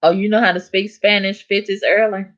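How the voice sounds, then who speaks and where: A woman hosting a casual live stream, chatting with viewers and answering their comments in relaxed vernacular speech. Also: mid-range voice, normal speed. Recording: dull lo-fi stream audio.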